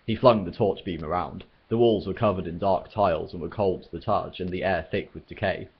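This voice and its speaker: Deep, husky male storyteller, steady read, dull lo-fi recording. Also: brisk. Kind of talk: reading a novel aloud.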